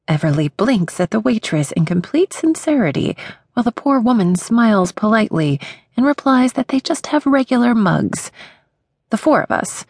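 Brief: wry first-person woman narrator, lively intonation, dry close-miked studio. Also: fairly high pitch, normal speed, slightly rough, no room sound. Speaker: audiobook narrator. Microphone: close studio mic.

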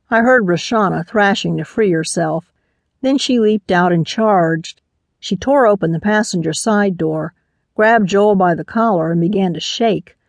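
A woman's voice: on the low side, dry recording, clean studio sound. A woman narrating a first-person mystery audiobook, lending voices to the characters.

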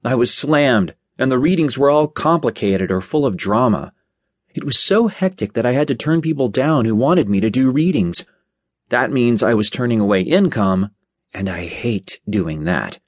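A man's voice: medium pitch, no echo, studio quality. A man narrating an audiobook in first person, in a wry, sardonic manner. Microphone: studio mic.

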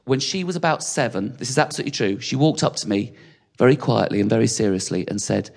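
A middle-aged man performing stand-up comedy, telling self-mocking stories with quick asides to the audience. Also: mid-range voice, creaky, a little mellow. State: sweating on stage. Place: comedy venue with a live audience.

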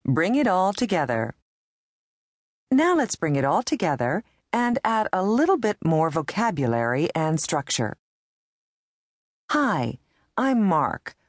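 In a scripted language lesson, a woman with a low yet lively voice walks the learner through each step, clear and patient. She speaks slowly and pauses often, and the recording is close and dry.

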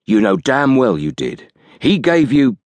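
A man's voice: medium pitch, wildly swooping pitch, measured pace, no echo, voice pushed up. A man voicing a frightened, sullen male thug who whines and breaks into panic.

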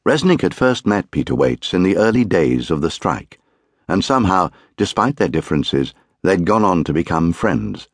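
A man reads a crime novel aloud in a measured, grave, deliberate way. His voice is very deep and the recording is close and dry, with no room sound. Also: big pitch swings, slightly rough, no room sound. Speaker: audiobook narrator. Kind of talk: scripted narration.

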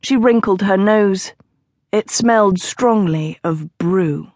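A woman narrating a historical romance audiobook in a measured storytelling delivery. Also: medium pitch, darkish tone, no room sound. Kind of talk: scripted narration.

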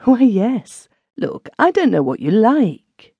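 A woman narrator voicing a generous, composed wealthy friend who speaks slowly and graciously. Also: fairly high pitch, very animated, slightly rough, dry recording, phone-quality sound, voice pushed up, exaggerated voice.

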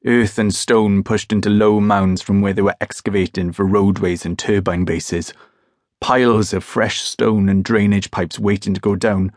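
A man narrating a first-person crime novel audiobook in a wry, measured, deadpan manner. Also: fairly low pitch, no room sound, clean studio sound. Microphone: close studio mic.

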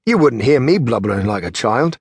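A man's voice: medium pitch, very animated, brisk, husky, no echo. A man voicing a crude, boastful male street thug who talks in a coarse, sneering way in an audiobook.

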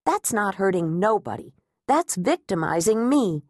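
A woman's voice: mid-range voice, very animated, measured pace, darkish tone, no echo, clean studio sound. A woman voicing a feisty, frightened woman who talks back sharply and defiantly. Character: feisty frightened woman defending her home.

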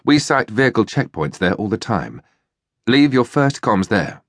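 A man voicing a brisk, ruthless upper-class army officer with a plummy voice, in an audiobook. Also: fairly low pitch, big pitch swings, dry recording, clean studio sound.

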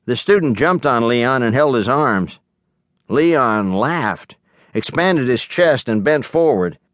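A man narrates an audiobook in a measured, storytelling manner at an ordinary mid pitch. He is recorded close on a studio mic, and the sound is very dry. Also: animated, a bit bright, dry recording. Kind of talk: scripted narration.

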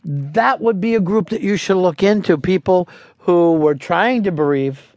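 A man's voice: high-pitched, measured pace, darkish tone, no echo. A radio host in the studio who riffs sarcastically and playfully mocks his co-host. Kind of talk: comedic radio talk, riffing and role-playing. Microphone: studio mic.

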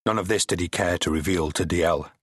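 A male audiobook narrator with a wry, measured way of telling a story. His voice is low and husky, with a wide, lively pitch range. The recording is dry and close. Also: no room sound. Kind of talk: scripted narration.

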